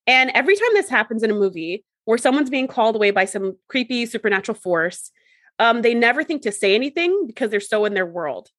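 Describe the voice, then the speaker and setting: A woman retelling a story in relaxed, chatty co-host talk, with playful acted quotes. Her voice sits fairly high and sounds dry and close, with no room around it. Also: fast talker, no echo. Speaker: podcast co-host. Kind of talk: casual chat.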